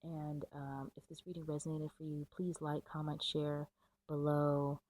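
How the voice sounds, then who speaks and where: A woman's voice: low-pitched, level tone, moderate pace, darkish tone, low-quality recording. A woman giving a casual, chatty tarot reading to camera, full of fillers and a little out of breath. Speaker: tarot reader.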